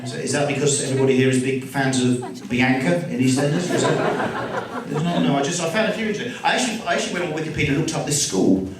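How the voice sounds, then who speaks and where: An English man with a mid-range voice and quick pace does chatty, self-deprecating stand-up to a live audience in a school hall, bantering with the crowd. The mic is far off and the hall is echoey.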